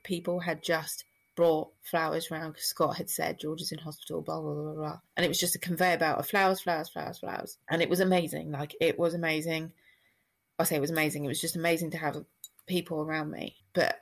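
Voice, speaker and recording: Chatty woman, lowish voice. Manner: chatty, lots of "like" and "blah, blah". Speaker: guest telling a personal story. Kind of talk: casual personal storytelling.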